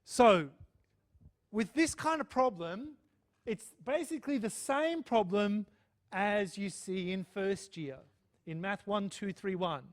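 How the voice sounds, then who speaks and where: Male math lecturer, high-pitched, chatty and checking in with the class. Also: takes it slowly. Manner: chatty, checks in with "okay?" and "right?". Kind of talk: live lecture with student questions.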